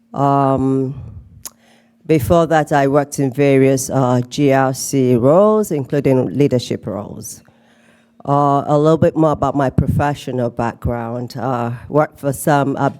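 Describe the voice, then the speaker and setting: A woman's voice: rumbling low, dark tone. A middle-aged woman from Nigeria with a Nigerian and slightly British accent, giving a playful conference keynote talk. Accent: Nigerian with some British. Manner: playful, teasing the audience. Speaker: keynote speaker. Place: conference hall.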